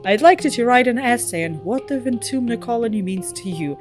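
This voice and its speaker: A weary male teacher on a space colony, voiced by a woman reading game text. He speaks in a plain reading tone with a lively, varied pitch. Faint music plays behind. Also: fairly quick, close to an everyday voice. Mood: easygoing.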